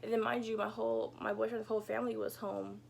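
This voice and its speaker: A woman's voice: on the high side, level tone, fast talker, creaky, slight background noise. A young woman vlogger telling a casual storytime from her bedroom, chatty and peppered with "like" and "you know," swearing freely. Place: home bedroom.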